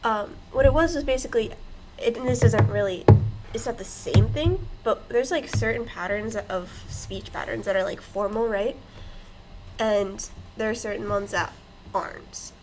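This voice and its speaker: Animated, laughing woman in casual chat. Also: fairly high pitch, over music, poor audio. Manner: animated, quick to laugh, rambling storyteller. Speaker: podcast co-host.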